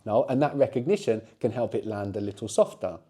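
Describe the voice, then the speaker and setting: A man's voice: fairly low pitch, lively intonation, brisk, mellow. A middle-aged man teaching a language lesson, explaining patiently and often checking in with short tag questions.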